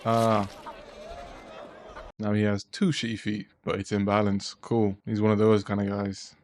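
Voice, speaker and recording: A man's voice: lowish voice, completely flat delivery, unhurried, darkish tone, slight background noise. A young man chatting and joking as he reacts to a film, swearing freely. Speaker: reaction video host. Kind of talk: casual reaction commentary.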